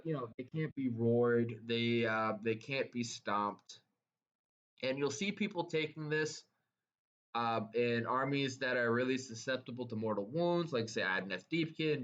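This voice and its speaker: An eager man walks through his tabletop army with a casual, excitable delivery, stumbling and restarting sentences as he goes. His voice sits at an ordinary middle pitch. The recording sounds a little dull and lo-fi. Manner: enthusiastic, stumbling over words. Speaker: tabletop wargaming instructor. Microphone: camera held by helper, moving about.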